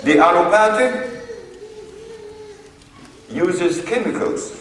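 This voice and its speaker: A man giving a storytelling lecture to an audience, slow and deliberate as he recounts his exchanges in court. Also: high-pitched, animated, fairly bright tone, a little hiss or hum. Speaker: speaker addressing an audience. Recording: echoey hall, voice from far off.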